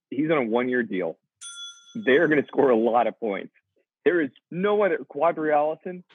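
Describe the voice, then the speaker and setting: A man's voice: medium pitch, husky, no echo. A man co-hosting a casual fantasy football podcast, blunt and opinionated. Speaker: podcast co-host. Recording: tinny phone-like remote line.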